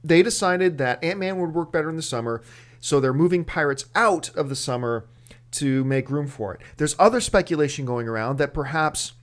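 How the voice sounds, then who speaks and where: A man co-hosting a movie news show, talking casually and thinking aloud with fillers and restarts. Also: a little high. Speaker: movie news editor, co-host.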